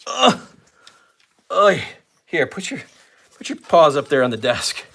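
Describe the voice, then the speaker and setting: A man's voice: medium pitch, animated, normal speed, fairly bright tone. An older man chatting casually on a home livestream, rambling and talking to his viewers and his dog. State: out of breath. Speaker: livestream host. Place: home room.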